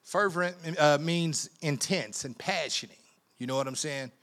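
A man preaching a sermon in a conversational way, repeating words, laughing often, and swinging from quiet asides to loud emphatic bursts. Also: on the high side, measured pace.

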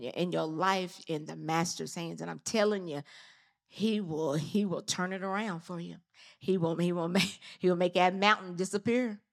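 Fervent woman preaching. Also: on the low side. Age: adult with children. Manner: fervent, repetitive exhortation. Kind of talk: sermon.

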